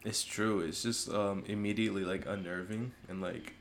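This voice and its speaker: A man's voice: on the low side, steady tone, normal speed, creaky, a little hiss or hum. A man hosting a casual podcast chat, talking in a loose, rambling way and laughing often. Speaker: podcast host.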